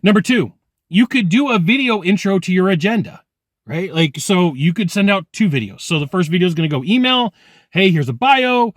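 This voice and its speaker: A man giving energetic direct-to-camera sales training, emphatic and animated, acting out people's reactions as he talks. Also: high voice, brisk, no room sound, studio quality.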